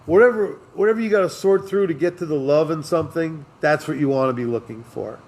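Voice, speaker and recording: A man's voice: fairly high pitch, fast, a little mellow. Rambling, philosophical male podcast host. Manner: philosophical, joking, with many fillers. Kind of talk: casual rambling talk.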